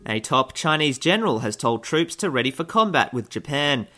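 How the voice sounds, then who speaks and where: A man's voice: medium pitch, normal speed, faint music behind. Sarcastic man reading satirical news. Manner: sarcastic, mock-cheerful deadpan. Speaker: comedy news host.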